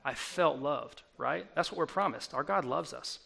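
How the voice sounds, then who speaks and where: A man in his thirties delivers a sermon in a loose, conversational way, slipping into acted-out voices for the people he quotes. His voice sits a little high, with a bright, forceful edge and a gravelly rasp underneath. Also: moderate pace. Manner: casual, animated, acts out quotes. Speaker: worship leader preaching.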